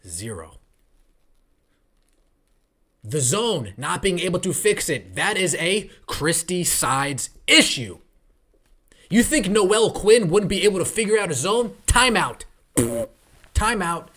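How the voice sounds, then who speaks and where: A male podcast host in full rant mode, swearing freely and dripping with sarcasm. His voice sits a little higher than most men's. He tears into a coach's decisions with rising heat. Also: very animated, takes it slowly, long pauses, a bit bright. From New York tri-state area. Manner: fired-up, profane, sarcastic. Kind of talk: ranting sports commentary.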